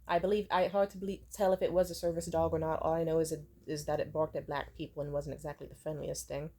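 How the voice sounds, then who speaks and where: Blunt, profane young woman telling stories. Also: fast. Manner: blunt, profane, lively swings in pitch and loudness. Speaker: vlogger. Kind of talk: casual storytime monologue.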